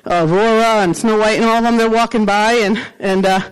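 A woman's voice: medium pitch, steady tone, a little fast, clean tone, rough recording. A woman pastor preaching a sermon in an emphatic, repetitive way, circling back to the same phrases.

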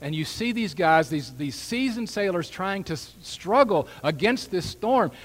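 A man preaching from the pulpit, his somewhat high voice carrying a long reverb through a large hall. He drops low and hushed for personal asides, then climbs loud and high to drive a point home, now and then slipping in a dry joke. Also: a little slow. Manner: animated preaching with wide swings in pitch and loudness, wry asides. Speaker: pastor. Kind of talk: sermon.

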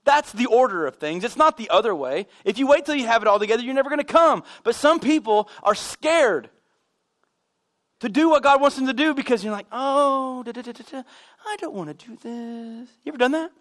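A man preaching a sermon as pastor, telling animated stories with self-deprecating humor. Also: extremely high pitch, fairly quick. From United States. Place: church sanctuary.

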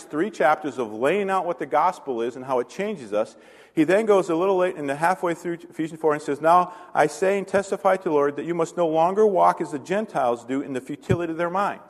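A man's voice: on the high side, lively intonation, brisk, long reverb tail. A male pastor preaching a conversational sermon, asking the congregation questions and adding self-deprecating asides.

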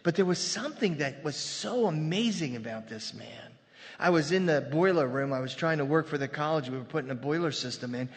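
A man's voice: fairly high pitch, animated, fairly quick. Preaching man in a reverberant hall. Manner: conversational preaching with asides and humor. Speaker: pastor. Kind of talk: sermon. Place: church sanctuary.

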